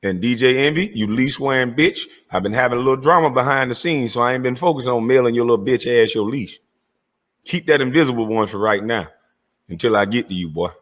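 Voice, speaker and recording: A man's voice: medium pitch, fairly quick, fairly bright tone. A man delivering a heated, profane rant, confronting and calling out rivals by name. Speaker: online commentator.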